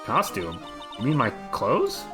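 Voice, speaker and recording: A man voicing a weary young male lawyer in a low, flat, exasperated tone over game music. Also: unhurried.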